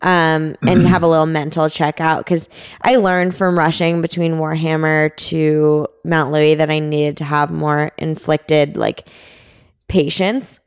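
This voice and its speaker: A woman's voice: deep voice, level tone, unhurried, clean tone. A young woman telling a climbing story in a casual interview, chatty with many fillers. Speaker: climbing guest.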